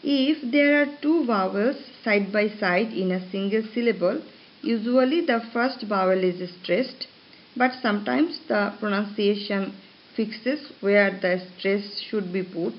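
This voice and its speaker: A woman lecturer reading her notes aloud to students in a slow, measured way, pausing between phrases. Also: medium pitch. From Bangladesh. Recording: dull lo-fi recording with faint hiss.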